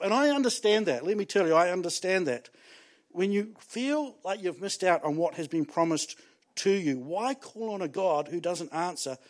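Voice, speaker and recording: A man preaching a sermon as pastor, animated and conversational, acting out the inner voices of people in the story. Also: high voice.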